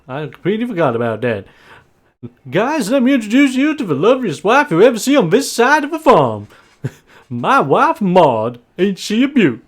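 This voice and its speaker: A man voicing Bob, a folksy older farmer who talks in a loud, hearty, high-pitched voice. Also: very animated, moderate pace. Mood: jovial.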